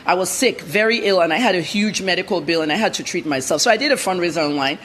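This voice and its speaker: A woman's voice: fairly low pitch, fast talker, a bit bright, a little hiss or hum. A middle-aged woman journalist answering interview questions bluntly and emphatically, jumping from point to point. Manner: blunt, emphatic, jumps between topics.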